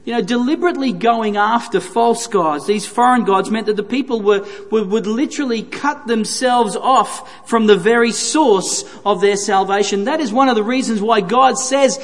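A man's voice: sits high, moderate pace, few pauses. A man preaching a sermon, earnest and emphatic, repeating phrases for stress. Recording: reverberant hall.

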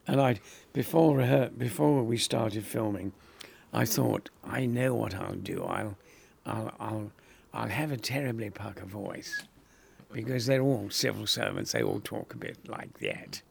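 An older actor telling lively anecdotes in an interview, acting out other people's lines and laughing often. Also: male voice, lowish voice, measured pace, gravelly, husky. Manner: animated storyteller, acts out quoted voices, laughs often. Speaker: actor guest.

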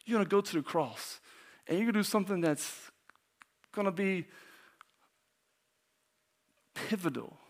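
A man preaches as pastor in a high voice, going a little slowly and leaving long pauses. His delivery is animated, full of questions aimed at the congregation, with occasional dips into a hushed near-whisper.

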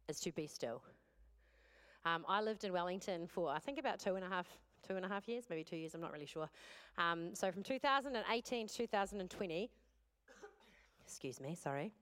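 A woman's voice: medium pitch, a bit bright, smooth. A woman pastor, preaching a sermon in a candid, conversational storytelling way.

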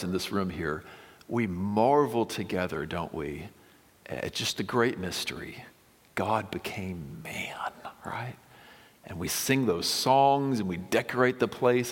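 Low-voiced preacher in a reverberant hall. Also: male voice. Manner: conversational, dropping to whispers on key lines. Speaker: pastor. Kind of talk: sermon.

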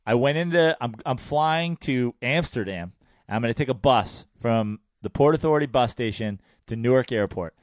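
A man's voice: medium pitch, lively intonation, moderate pace, no room sound, studio quality. A man hosting a casual chat, laid-back and profane, answering with short agreements and telling his own story.

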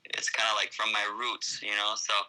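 Young male surfer guest from Costa Rica, tense bright tone, casual rambling storyteller. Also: fairly low pitch, brisk, low-quality recording. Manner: excited, rambling retelling with many fillers.

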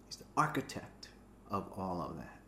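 A man's voice: low voice, sing-song, moderate pace, pushed and bright, reverberant, slight background noise. A man preaching a sermon, stressing key words by rising and dropping his voice.

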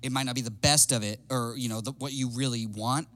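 A middle-aged man telling stories in casual chat as a podcast guest, animated and laughing, loudly acting out the people he quotes. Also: medium pitch, fairly quick. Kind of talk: casual storytelling.

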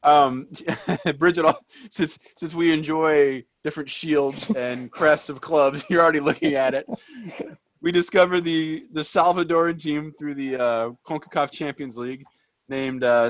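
A man whose first language is Portuguese, co-hosting a podcast and telling stories in a chatty, animated way with lots of restarts. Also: fairly high pitch, unhurried, dry recording. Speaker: podcast co-host. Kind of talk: casual chat. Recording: dull, dry lo-fi sound.

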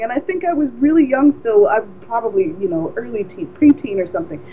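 Animated woman telling a story, lo-fi sound. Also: on the high side, brisk, few pauses, a little hiss or hum. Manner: animated storyteller, many restarts. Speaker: podcast co-host. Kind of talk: casual chat. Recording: dull lo-fi recording.

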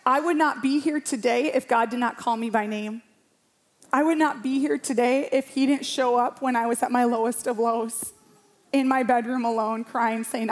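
A woman around forty, a pastor, preaching a sermon to a church congregation in a passionate, emphatic way, repeating phrases for rhythm. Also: high voice.

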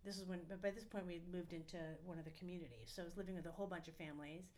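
A woman's voice: fairly low pitch, very fast, darkish tone, a little hiss or hum. A middle-aged woman, a podcast guest, telling stories in a candid, profane, rambling way with lots of fillers. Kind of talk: casual storytelling.

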